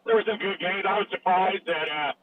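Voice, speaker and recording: A man's voice: high voice, fairly even intonation, brisk, phone-quality sound, background noise. A man co-hosting a sports talk show, chiming in with short agreements in casual sports chat.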